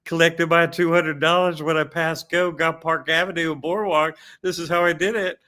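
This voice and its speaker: A man's voice: a little high, little pitch movement, normal speed, sharp tone, voice pushed up. A man voicing a charming, wealthy British tycoon boasting about how he made his fortune. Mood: boastful.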